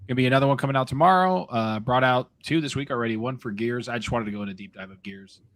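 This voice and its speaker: Man, gaming podcast guest, blunt and brash, quick talker, bright edge. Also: medium pitch, no echo. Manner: blunt, brash, swears freely. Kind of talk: casual gaming podcast chat.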